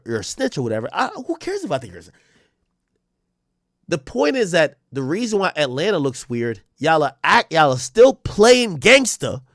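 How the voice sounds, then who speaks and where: Animated man ranting on a stream. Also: high-pitched, dry recording, studio quality. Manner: ranting, blunt, swearing, talks straight at the subject. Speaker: streamer and commentator. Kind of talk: reaction commentary on a livestream.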